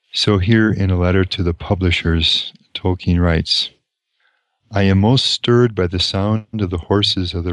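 A male lecturer reads passages from a novel aloud and comments on them reflectively. His voice is very low. The sound is close and dry. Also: dry recording. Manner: deliberate and reflective, pausing to explain.

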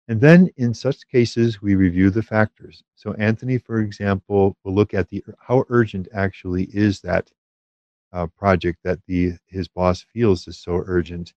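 Low-voiced man teaching on prayer. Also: darkish tone, dry recording, muffled recording. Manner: measured, thoughtful, with frequent hesitations. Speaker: Catholic spiritual teacher.

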